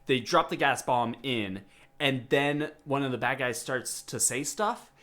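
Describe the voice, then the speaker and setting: Young man, podcast co-host. Lively, swooping pitch. Wry, joking, casual. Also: unhurried. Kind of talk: casual chat.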